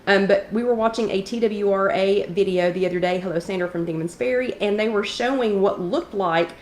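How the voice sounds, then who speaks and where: A chatty woman hosts a casual live chat, stopping often to greet viewers by name. Her throat sounds a little scratchy from allergies. The room is echoey, with faint background noise. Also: medium pitch. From East Tennessee. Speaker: host of a live wellness chat.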